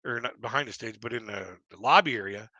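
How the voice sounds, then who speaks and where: A man's voice: on the low side, fast, bright, forceful tone, dry recording. A man from Canada telling rambling, self-deprecating stand-up stories and laughing at his own jokes. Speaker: stand-up comedian. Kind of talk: stand-up storytelling on a live stream.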